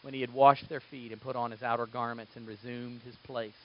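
A man preaching a sermon, moving between quiet, low passages and loud, emphatic bursts. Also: level tone, fairly quick, dull audio. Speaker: pastor.

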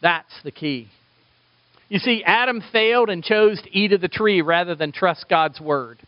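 Animated male pastor preaching. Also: sits high, measured pace, dry recording. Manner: animated, rising emphasis and sudden soft drops. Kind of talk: sermon. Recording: dull lo-fi recording.

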